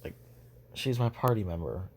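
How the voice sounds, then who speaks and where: A bewildered male hero defending himself in a spoken fan retelling, as a man acts him out. The voice is low and the delivery halts and restarts, with faint noise behind. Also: sing-song, darkish tone. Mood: defensive. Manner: halting, with fillers and restarts.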